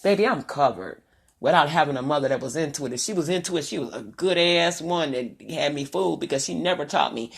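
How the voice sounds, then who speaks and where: A middle-aged woman, telling stories in a loud, animated, profane monologue. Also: fairly quick, vocal fry, slightly rough. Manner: loud, animated, profane storytelling with high-pitched quoted voices. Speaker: storyteller. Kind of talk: casual monologue.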